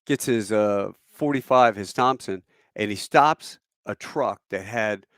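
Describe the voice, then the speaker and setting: A middle-aged man retells a veteran's war story in casual spoken style, pausing on fillers and acting out what people said. His voice sits low and the sound is dry and close. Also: no room sound. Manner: animated, many fillers, acts out quotes.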